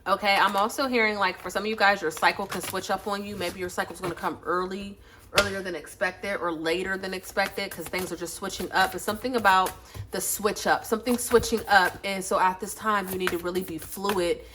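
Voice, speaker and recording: A woman's voice: medium pitch, fairly even intonation, a little fast, background noise. A woman giving a casual tarot reading into her phone, chatty, blunt and slangy, with lots of profanity. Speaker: tarot reader. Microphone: phone, face off camera.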